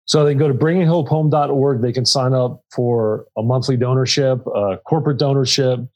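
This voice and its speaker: A man's voice: mid-range voice, steady tone, fairly quick, darkish tone, poor audio. Earnest man telling a candid story. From Pennsylvania. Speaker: nonprofit co-founder and CEO. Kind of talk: podcast interview.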